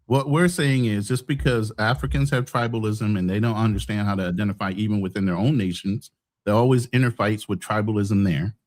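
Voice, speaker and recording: A man's voice: lowish voice, fairly even intonation, brisk, a little mellow. A man from the United States, hosting a podcast, arguing bluntly with frequent profanity in a heated debate. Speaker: podcast host.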